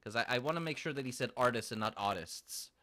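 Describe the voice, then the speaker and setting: A man's voice: medium pitch, racing, bright, forceful tone. A man hosting a casual show, reacting to clips with crude jokes, exclamations and stammers. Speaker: host. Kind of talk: casual commentary while watching clips.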